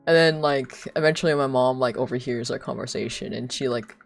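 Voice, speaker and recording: A woman's voice: rumbling low, fairly quick, creaky, soft background music. A young woman streaming live, chatting casually in a rambling, giggly way with lots of filler words. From United States.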